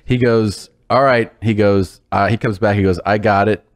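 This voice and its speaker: A man's voice: lowish voice, normal speed, dry recording. Man telling a story, dry close sound. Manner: animated, acts out quotes, laughs through story. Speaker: storyteller guest. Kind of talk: casual comedic storytelling.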